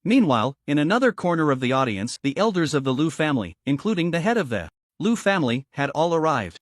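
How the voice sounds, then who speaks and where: A man narrating a fantasy novel story in a scripted, animated storytelling manner. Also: fairly high pitch, quick pace, no room sound, studio quality.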